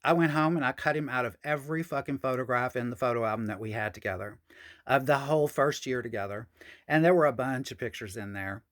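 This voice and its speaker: A woman's voice: extremely low pitch, fast. A woman telling a personal story on a podcast, frank and profane, with sassy asides.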